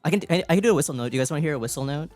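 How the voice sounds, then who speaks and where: A woman streamer chatting casually on a live stream into a desk mic, giggly, excitable and playful. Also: deep voice, rapid-fire, faint music behind. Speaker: VTuber streamer.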